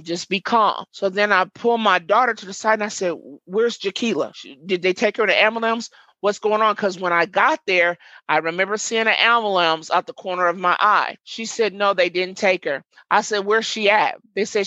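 A woman's voice: mid-range voice, sharp tone, no room sound, lo-fi sound. A middle-aged woman telling her story in an interview, reliving events vividly and quoting what everyone said. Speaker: interviewee, mother and community worker. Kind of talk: emotional first-person testimony.

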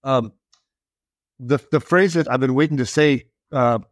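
A man's voice: medium pitch, measured pace, no room sound. Man, branch manager, laid-back, joking, dry sound. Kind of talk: podcast discussion.

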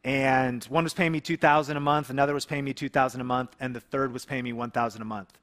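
A man's voice: mid-range voice, fairly even intonation, fast talker, a bit bright. A man in his thirties from the Seattle area, a YouTube creator telling a personal story to camera and acting out phone calls. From Seattle area, USA.

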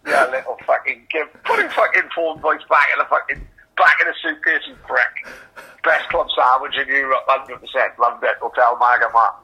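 Sweary, bright-voiced Welsh man. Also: mid-range voice, moderate pace, slightly rough, highs cut off. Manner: sweary, animated storytelling with lots of laughter. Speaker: podcast co-host. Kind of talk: casual chat.

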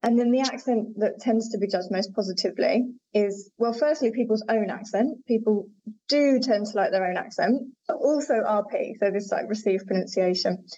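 A woman's voice: medium pitch, normal speed, mellow. A woman linguistics researcher, a podcast guest, explaining in an articulate, conversational way with frequent fillers. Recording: dull lo-fi audio.

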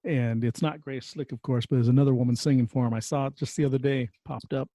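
A man in a mid pitch hosts a relaxed music podcast and keeps the talk moving. His voice is dry and close to the mic. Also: fast talker, no room sound. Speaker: podcast host. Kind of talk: casual chat about music.

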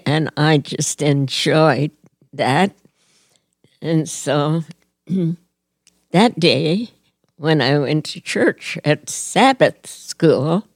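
Very slow-spoken older woman, gravelly. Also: low-pitched, dry recording, clean studio sound. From Hawaii. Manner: slow, earnest, gently reflective telling. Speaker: storyteller. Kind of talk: personal reminiscence.

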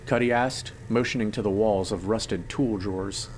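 A man's voice: lowish voice, fairly even intonation, moderate pace, slight background noise. Man narrating a sci-fi audiobook.

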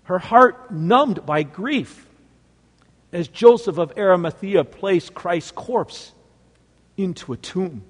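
Slow, dramatic male preacher in a hall. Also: high-pitched, expressive, breathy edge. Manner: sweeping swings between loud exclamation and hushed near-whisper. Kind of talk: dramatic sermon storytelling.

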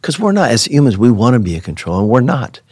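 A man chatting on a podcast with his wife. He speaks calmly and earnestly, mostly in short replies. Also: medium pitch, quick pace, slightly rough, no echo, studio quality. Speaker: co-host, her husband. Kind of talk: casual conversational chat.

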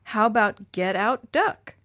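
A woman's voice: medium pitch, expressive, takes it slowly, a bit bright, no room sound. Smart teasing storybook girl, read by a woman; close, dry recording. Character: clever teasing young girl.

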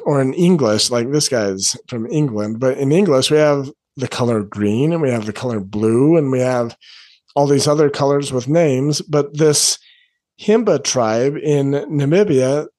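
A man's voice: medium pitch, darkish tone, dry recording. Chatty man, dry close mic. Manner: rambling, conversational, many "like" fillers. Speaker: coach and podcast host. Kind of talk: casual storytelling monologue.

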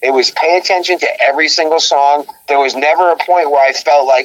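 A man guest in a casual interview, telling road stories in an animated way, acting out quotes and laughing often. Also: on the high side, quick pace, few pauses, no echo, low-quality recording.

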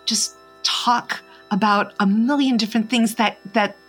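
A married woman guest in an interview, speaking earnestly and reflectively, often pausing and restarting with fillers. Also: fairly high pitch, steady tone, fairly bright tone, husky, soft background music. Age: adult, married. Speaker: podcast guest.

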